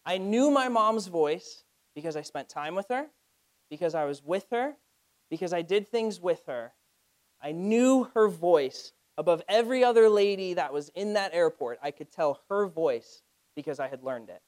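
Man preaching a lively sermon. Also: sits high, moderate pace. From United States. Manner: storytelling preacher, rises to loud cries in anecdotes. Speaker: pastor.

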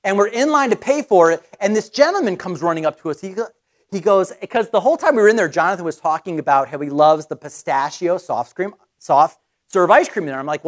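Lively middle-aged male preacher storytelling. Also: sits high. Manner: lively, conversational, animated storytelling with quick restarts. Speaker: pastor. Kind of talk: sermon with personal storytelling.

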